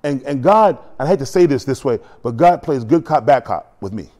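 A pastor preaching a lively sermon, acting out quotes and voices with humor. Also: male voice, mid-range voice, moderate pace.

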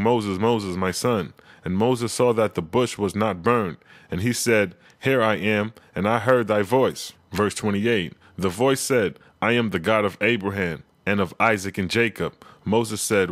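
Man reading scripture with commentary, solemn and measured, low pitch, dry recording. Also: no room sound.

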